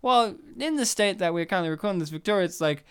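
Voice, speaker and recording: A man's voice: sits high, animated, fast, clean tone. A young man from New South Wales with an Australian accent, chatting casually and jokingly about a movie as a podcast co-host. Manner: playful, joking, acts out characters' lines. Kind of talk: casual movie commentary chat.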